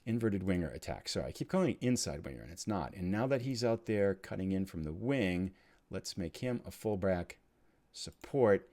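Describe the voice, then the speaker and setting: A man hosting a let's play, thinking aloud as he plays and swinging from quiet muttering to loud excited cheering. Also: deep voice, normal speed. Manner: chatty, thinks aloud while clicking. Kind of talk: game commentary.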